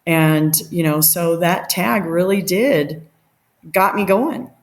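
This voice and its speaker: A middle-aged woman telling a story as a podcast guest, animated and laughing, acting out the quotes. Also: fairly low pitch, slow pace. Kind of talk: casual storytelling.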